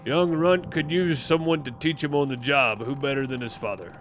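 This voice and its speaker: A man voicing a steady ship captain in a video game, speaking in a calm, commanding way. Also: medium pitch, moderate pace, soft background music, natural voice.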